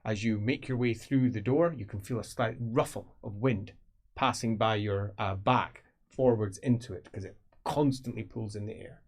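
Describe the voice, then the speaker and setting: A man's voice: lowish voice, moderate pace. A man narrating an improvised tabletop game as game master, rambling with many fillers. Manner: rambling, filler-heavy description.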